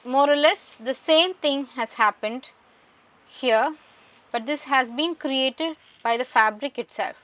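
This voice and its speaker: A woman giving a measured, scripted lecture, explaining slides one by one. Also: high-pitched, a bit bright. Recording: voice distant from the mic.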